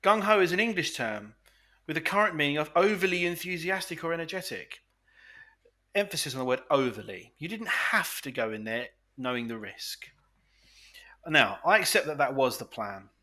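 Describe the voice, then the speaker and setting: Man, bright forceful tone, pompous mock-courtroom defence, podcast banter. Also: on the high side, animated, moderate pace. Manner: pompous mock-lawyer delivery.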